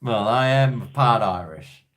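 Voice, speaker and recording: A man's voice: mid-range voice, slow, fairly bright tone. A man from Australia hosting a casual live-stream chat, rambling, hesitant and swearing freely. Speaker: host.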